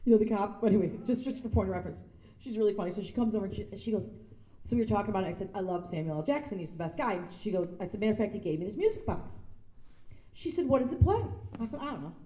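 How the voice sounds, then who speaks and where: A woman telling lively anecdotes as a guest speaker, acting out other people's voices. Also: medium pitch, rapid-fire. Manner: animated storytelling, acting out voices with laughter. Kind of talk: anecdotal speech to an audience. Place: large sound stage before an audience. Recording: echoey room.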